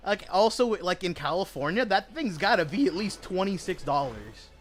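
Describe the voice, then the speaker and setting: A man's voice: sits high, expressive, moderate pace, soft background music. A young man chatting casually while gaming, telling a rambling, profane story full of slangy asides. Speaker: gaming streamer.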